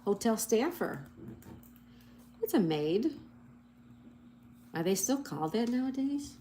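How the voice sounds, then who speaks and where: A woman's voice: fairly high pitch, animated, slow pace, dark tone, slight background noise. A middle-aged woman hosting a casual livestream, reading out viewer comments and spelling crossword answers letter by letter in a cheerful, chatty way. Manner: apologetic over slips. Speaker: livestream host.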